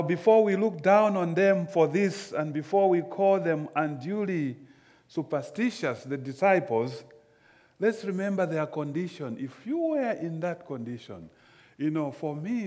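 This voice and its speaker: A man preaching a sermon slowly and emphatically, often repeating phrases. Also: fairly high pitch, a little mellow.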